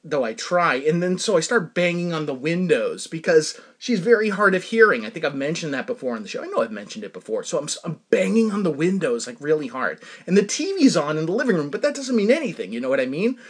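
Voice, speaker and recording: A middle-aged man talks casually, his voice riding up and down with lively swings in pitch. He sits on the higher side for a man and rambles through his story with lots of fillers and restarts. Now and then he breaks into laughter. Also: fast, few pauses, slightly rough. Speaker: show host.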